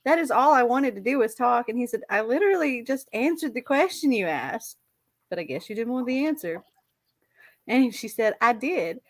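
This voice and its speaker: A woman's voice: on the high side, animated, normal speed, no room sound. A woman in her forties hosting a casual live chat, reading out text messages and giggling often. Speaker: host.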